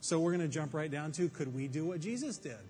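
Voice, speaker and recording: A man's voice: on the high side, animated, fast, mellow. A man preaching a Bible teaching to a room full of people, conversational and emphatic, with rhetorical questions. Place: room with an audience. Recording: faint reverb and background noise.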